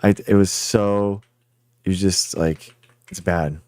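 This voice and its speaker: Low-voiced man chatting casually on a stream. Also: fairly even intonation, slow, darkish tone, no echo, clean studio sound. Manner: chatty, rambling, talks straight to viewers. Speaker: livestream host. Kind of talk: casual livestream chat with viewers.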